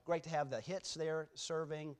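A man's voice: fairly high pitch, fairly even intonation, normal speed. A man speaking as a guest preacher in a church, telling rambling, self-deprecating stories with many restarts before his sermon. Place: church sanctuary.

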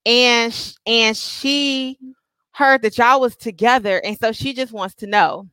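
A woman in her thirties telling a story in casual chat, profane and animated, acting out what people said. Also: a little high, a little slow, clear, resonant tone, no room sound. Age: 30s. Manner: animated, profane, acts out quotes. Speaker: podcast co-host.

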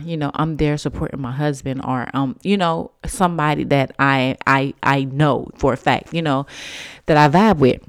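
A woman's voice: on the low side, darkish tone, no echo, clean studio sound. A woman, rambling casually as a solo podcast host and saying "y'all" a lot. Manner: chatty, rambling, uses "y'all" and "you know"; eating and sipping tea while talking.

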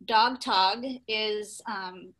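A woman from Saint Louis chats as a podcast guest, often halting with ums. Her voice is bright and crisp, and her pitch sits in the middle. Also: fairly even intonation, rough recording. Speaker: guest, pet photographer. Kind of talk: casual interview.

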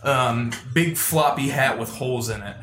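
A man running a tabletop game as game master, narrating with many hesitant pauses. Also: medium pitch, crowd noise. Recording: echoey room.

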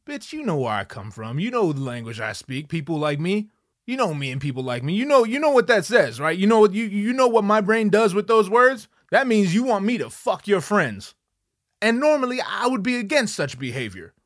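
A man telling a comedic story at his desk, profane and animated, acting out the people in it. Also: high voice, no room sound, clean studio sound. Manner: animated, profane, acts out voices.

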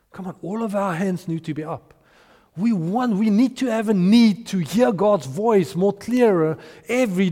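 Male pastor preaching, earnest with soft trailing endings, in a big echoing hall. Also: sits high. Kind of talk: sermon.

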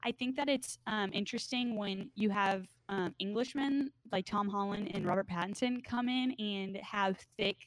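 A woman's voice: mid-range voice, normal speed, hardly any pauses, no room sound, poor audio. A woman co-hosting a casual podcast, talking with frequent ums and hesitant restarts. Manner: hesitant, many ums, enthusiastic. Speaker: podcast co-host.

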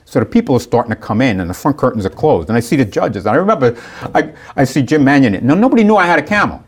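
Animated man telling a story. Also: medium pitch, fast talker, slightly rough. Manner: animated, acts out voices of people in the story. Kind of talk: casual anecdote.

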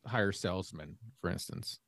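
Low-voiced man telling a rambling story. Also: moderate pace, fairly bright tone, no echo, studio quality. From Mexican family. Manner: rambling storyteller, acts out quoted dialogue. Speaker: podcast co-host. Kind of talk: casual chat.

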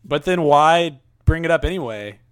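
A man's voice: on the high side, lively intonation, normal speed, a bit bright, clean tone. A man on a casual movie podcast, talking through his points thoughtfully with lots of "like" fillers. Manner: thoughtful, uses many "like" fillers. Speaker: podcast co-host. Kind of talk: casual movie review chat.

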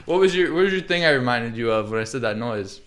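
A man hosting a casual podcast chat, profane and animated as he tells stories. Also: mid-range voice, fast, very noisy. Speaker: podcast host.

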